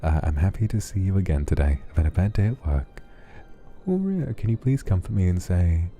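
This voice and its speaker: A man hosting a soft late-night ASMR stream, gently reading viewers' messages aloud and answering them affectionately. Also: low voice, sing-song, brisk, faint music behind.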